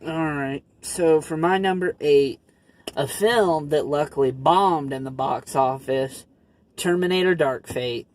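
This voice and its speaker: A man bluntly and sarcastically trashing movies in a casual chat, often pausing on fillers. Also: on the high side. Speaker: co-host.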